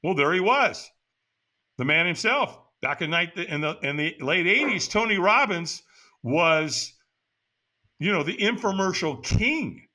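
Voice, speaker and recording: With a high-sitting voice and a measured pace, an older man from the US recounts a personal story as a guest on a podcast. He tells it with animation, performing each bit of dialogue in the story.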